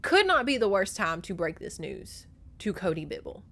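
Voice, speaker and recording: Animated, foul-mouthed woman recapping a novel. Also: mid-range voice, normal speed. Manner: animated, profane, gossipy storytelling. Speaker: podcast host. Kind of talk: casual book recap with acted-out dialogue.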